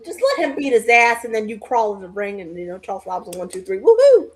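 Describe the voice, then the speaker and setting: A woman co-hosting a podcast watch party, loud, excitable and profane, yelling at the screen. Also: medium pitch, fast talker, slightly rough. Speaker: podcast co-host. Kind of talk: casual watch-party chat.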